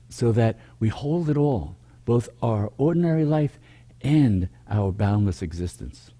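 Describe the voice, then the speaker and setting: A man leading a meditation program over a video call, speaking slowly and contemplatively in repeated rhythmic phrases. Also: lowish voice, mellow. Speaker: meditation teacher. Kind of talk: spiritual teaching talk.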